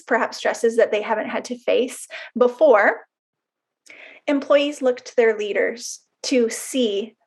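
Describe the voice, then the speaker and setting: A woman with a fairly high voice talks through a webinar topic. She explains ideas earnestly and slips in casual, conversational asides as she goes. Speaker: webinar presenter.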